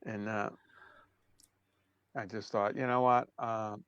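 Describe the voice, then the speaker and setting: A man in his sixties from Brooklyn with a New York accent, telling stories as an interview guest in a relaxed way that trails off softly. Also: fairly low pitch, takes it slowly, smooth, dry recording, highs cut off. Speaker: drummer guest. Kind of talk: casual interview storytelling.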